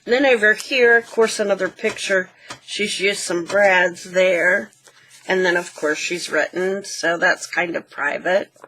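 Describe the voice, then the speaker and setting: A woman hosting a craft channel, gently walking through a handmade book page by page and pointing out details. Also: lowish voice, a little slow, a little hiss or hum. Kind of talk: casual show-and-tell walkthrough.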